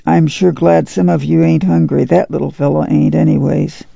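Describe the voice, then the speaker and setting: A man voicing a weary, kindly rural mother with plain, gentle country speech. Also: on the high side, little pitch movement, moderate pace, creaky, slightly rough, no echo, heavily acted. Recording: dull lo-fi dry audiobook recording.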